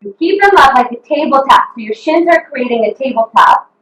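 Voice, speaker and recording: Woman fitness coach, encouraging, counting reps, slightly out of breath, high lively voice, echoey room. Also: brisk. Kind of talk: live online workout instruction.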